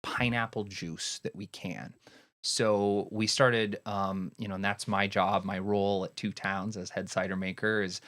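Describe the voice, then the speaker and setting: Lower-voiced guy, laid back, lots of um and you know, podcast guest talking about his job. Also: moderate pace, few pauses. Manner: relaxed, rambling with many fillers. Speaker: head cider maker, guest. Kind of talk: casual podcast interview.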